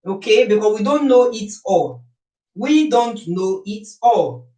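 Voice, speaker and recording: A woman's voice: mid-range voice, animated, unhurried. A woman with a Nigerian accent delivers opinionated commentary to her live audience, pressing her point with rhetorical questions. Her voice sits some distance from the microphone and carries the echo of a bare room. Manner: forceful, rhetorical, repeats points. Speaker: YouTuber on a live stream. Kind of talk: opinionated live-stream talk. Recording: echoey room, voice off-mic.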